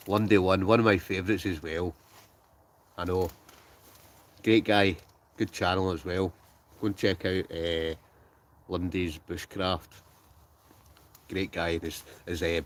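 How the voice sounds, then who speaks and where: Un hombre escocés que charla en directo desde su tienda de acampada y lee los comentarios del chat entre bromas, a veces murmurando. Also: male voice, low voice. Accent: Scottish. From Scotland. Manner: chatty, joking, trails off into mumbles. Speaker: wild camping livestreamer reading chat. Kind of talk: casual live-stream chat. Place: in a tent with a stove, outdoors at night.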